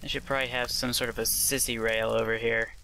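A man's voice: mid-range voice, level tone, fast talker, noisy background. A young man giving casual, self-deprecating commentary as he plays, thinking aloud as he goes. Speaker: let's play host. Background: game music.

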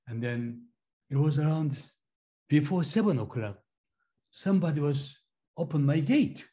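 A middle-aged man whose first language is Korean, a pastor giving a testimony in a slow, halting way, repeating phrases as he goes. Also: mid-range voice, warm tone. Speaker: pastor and former missionary. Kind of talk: sermon-style personal testimony.

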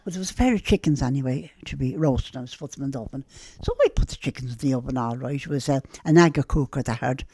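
Gravelly elderly Dublin woman reminiscing. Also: extremely low pitch, fast, hardly any pauses, no echo. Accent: Dublin Irish. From Ireland. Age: older. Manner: lively and plain-spoken, acting out old conversations. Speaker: interviewee. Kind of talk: storytelling reminiscence.

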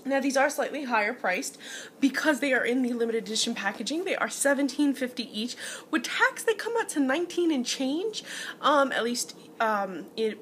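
A woman's voice: sits high, animated, moderate pace, fairly bright tone, slight background noise. A woman beauty vlogger giving a casual, chatty product review and talking straight to her viewers. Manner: chatty, addresses viewers as guys.

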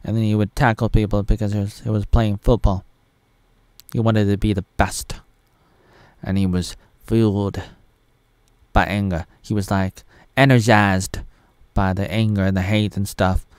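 A man's voice: fairly low pitch, level tone, moderate pace, a little mellow, clear, resonant tone, no echo. A man in his thirties from Oregon, ranting in a rambling, self-mocking solo vlog with lots of asides. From Oregon, USA. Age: 30s. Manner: self-mocking, digressive, with pop-culture asides. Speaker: vlogger.

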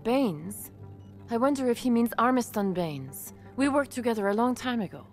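An actress voicing a polite female clinic doctor in a video game, speaking in a measured, helpful way. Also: a little high, lively intonation, faint music behind, close to an everyday voice.

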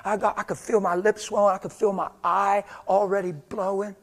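Older man, slightly high-pitched preacher; tells stories in a sermon, moving between hushed intensity and loud fervor. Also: flat delivery, normal speed. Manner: swings from hushed whispers to loud, fervent preaching. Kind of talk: storytelling sermon. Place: church or meeting hall before a live audience.

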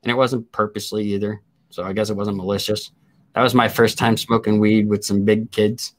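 A man's voice: fairly low pitch, level tone, a little fast. A man in his forties hosting a casual chat, telling crude stories and laughing often. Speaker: host.

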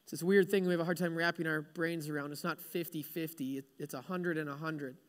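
A man's voice: fairly high pitch, fairly even intonation, brisk, in a large hall. A male pastor preaching a sermon, retelling stories with humorous, self-deprecating asides.

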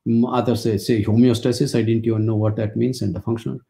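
A man's voice: on the low side, flat delivery, fast, creaky, warm tone. A man in his sixties from India, speaking, gives a webinar lecture as wry, anecdotal storytelling.

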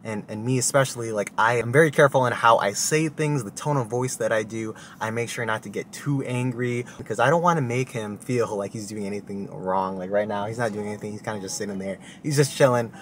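A man's voice: fairly quick, few pauses, slight background noise. Chatty young man vlogging with his dog. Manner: relaxed, chatty, talks to his dog in a high excited voice. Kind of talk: casual vlog talk to camera.

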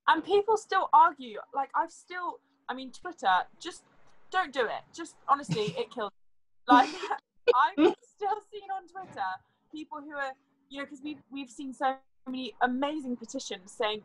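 A young woman with a high voice joins a casual discussion. She speaks emphatically and sounds exasperated. The recording is dry and close. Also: expressive, unhurried, dry recording, poor audio. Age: young adult.

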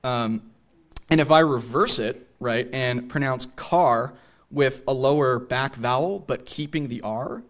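A man's voice: mid-range voice, measured pace. Man giving an explanatory lecture. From Greater Boston. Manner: explanatory, checks in with the audience by asking "right?". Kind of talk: public history lecture. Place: theater stage.

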